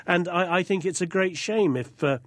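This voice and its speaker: A man's voice: high-pitched, normal speed, dry recording. An English man speaking as a guest on a radio call-in show, thinking aloud and often repeating words. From England. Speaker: guest correspondent.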